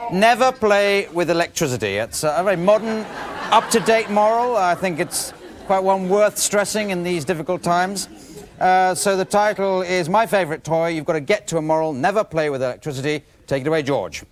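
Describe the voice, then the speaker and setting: A British man hosting a live improv show, bantering dryly with the audience. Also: sits high. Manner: wry, dry banter with the audience. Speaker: show host. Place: TV studio with audience. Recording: live studio audience, background noise.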